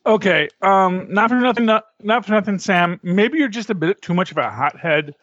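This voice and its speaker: High-voiced man, dry lo-fi mic. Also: lively intonation, moderate pace, fairly bright tone, dry recording. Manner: wry, argumentative asides. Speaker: podcast co-host. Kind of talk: casual chat.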